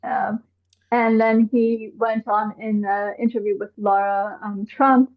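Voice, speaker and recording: A woman from Iran, an activist guest on a live online show, talking in an animated way and firing off exasperated rhetorical questions. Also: mid-range voice, slow. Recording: tinny phone-like call audio.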